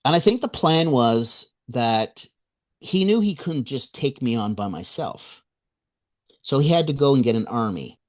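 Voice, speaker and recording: A man speaking as a guest on a radio interview, telling his story. His mid-pitched voice swings widely up and down, and he acts out the voices of the people he quotes. He chuckles now and then between his remarks. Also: very animated, a little slow. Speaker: author and guest.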